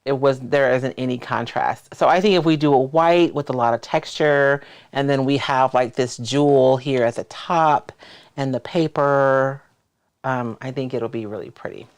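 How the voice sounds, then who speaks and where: A man's voice: medium pitch, normal speed, clear, resonant tone. Man, craft livestream host, explains while working, thinks aloud, casual.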